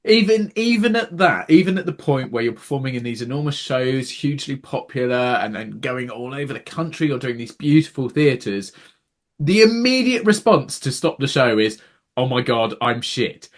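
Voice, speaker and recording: A man's voice: medium pitch, animated, normal speed. A man hosting a casual podcast interview, effusive with praise and thanks. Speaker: podcast host.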